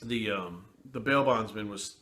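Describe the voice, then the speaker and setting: Man, casual storytelling, heavy swearing, lowish voice, bright forceful tone. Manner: blunt and profane, frequent swearing; candid, with pauses and restarts. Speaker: fitness trainer telling a personal story.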